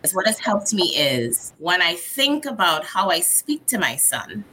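A woman in her thirties with a Trinidadian accent, talking in a candid, reflective, animated way as a guest in a casual conversation. Her voice sits a little low and sounds bright and forceful. A faint hiss of background noise runs beneath her. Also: a little slow, rough recording. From Trinidad and Tobago.

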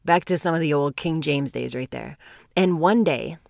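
A woman teaching on scripture in a devotional talk to her viewers, earnest and emphatic, slowing down to stress key words and laughing lightly between points. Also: sits low, gravelly, darkish tone, no echo, clean studio sound. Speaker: Bible teacher.

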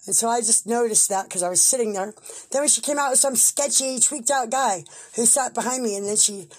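A woman's voice: a little high, a little fast, slightly rough. A woman telling her own story in casual speech, blunt and profane, acting out what people said. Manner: animated, blunt and profane, acts out quoted dialogue. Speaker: interviewee recounting events.

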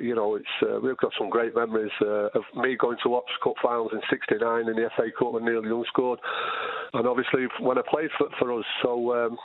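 A man, a former footballer, talking in a halting, repetitive way in a casual chat. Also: medium pitch, no echo, phone-quality sound. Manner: halting, repeats words.

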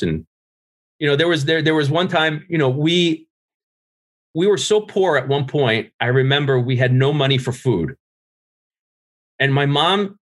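A man's voice: medium pitch, fairly bright tone. Candid, swearing middle-aged man. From New Jersey. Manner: candid, profane, laughs at his own stories. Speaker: podcast guest. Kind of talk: casual interview storytelling.

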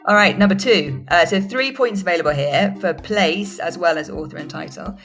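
Low, gravelly-voiced woman quizmaster. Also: normal speed, fairly bright tone, faint music behind. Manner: upbeat, frequent laughs, apologetic asides. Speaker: guest author running a quiz. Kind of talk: casual podcast quiz chat.

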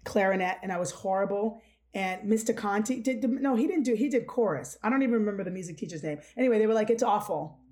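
A woman's voice: medium pitch, fast, a little mellow. A middle-aged woman hosting a podcast, telling a childhood story candidly and acting out the quotes. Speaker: podcast host. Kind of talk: casual storytelling chat.

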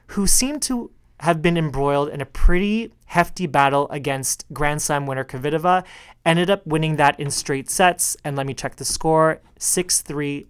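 A man's voice: fairly high pitch, clear, resonant tone, no room sound. A man hosting a tennis podcast on his own, chatting in a sassy, playful way. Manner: sassy, chatty, calls listeners girl. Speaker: podcast host. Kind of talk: casual solo tennis podcast chat.

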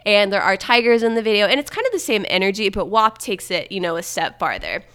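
Young woman chatting on her podcast, playful, smooth clean voice. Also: mid-range voice, very animated, fast talker, a bit bright. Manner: chatty and playful, reads quotes aloud. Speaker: podcast host. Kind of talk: casual chat.

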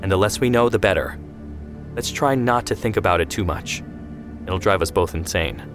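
A man's voice: low voice, moderate pace, over music. A man reading the lines of a stern family father who speaks with weary authority and quotes proverbs in an audio story.

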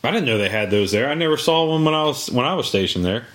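A man's voice: medium pitch, animated, quick pace, a bit bright. A man in casual chat, telling rambling stories with many fillers and restarts.

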